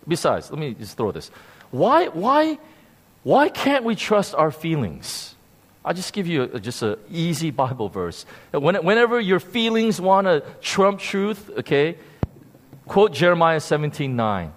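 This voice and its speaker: A man preaching a sermon, telling a story with animated emphasis and frequent repeated words. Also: a little high, unhurried. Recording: long hall reverb.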